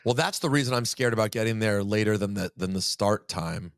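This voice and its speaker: A man's voice: lowish voice, a little fast, gravelly, no echo, clean studio sound. A man co-hosting a podcast in casual chat, teasing his co-host and plugging the show. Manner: lively, teasing, plugs the show.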